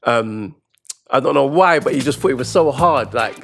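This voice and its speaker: A man's voice: mid-range voice, moderate pace, gravelly, faint music behind. A man, a podcast co-host telling a comic school-fight story and acting out voices. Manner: lively, acts out voices and sounds.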